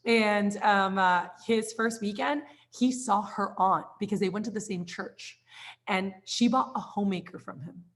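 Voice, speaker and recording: A woman's voice: medium pitch, a little slow. A woman leading a casual sales training session, upbeat and chatty, often checking in with her listeners. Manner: upbeat, chatty, lots of "like" and "all right?".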